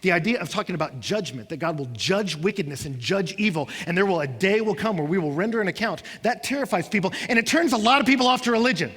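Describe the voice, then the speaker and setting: A man's voice: high-pitched, animated, fast, hardly any pauses, a bit bright, husky. A man preaching a sermon, acting out what his listeners say, with rising and falling intensity. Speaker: pastor. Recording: long hall reverb.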